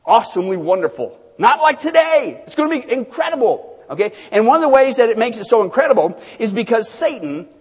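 Animated husky pastor preaching. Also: male voice, very high voice, a little fast, hardly any pauses, big-room sound. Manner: animated, joking, repeats for emphasis. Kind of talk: sermon.

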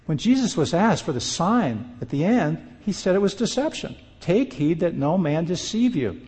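A man's voice: sits high, very animated, normal speed, darkish tone. A man preaching a sermon, counting off numbered points and quoting scripture in an earnest, warning tone. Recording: long reverb of a hall.

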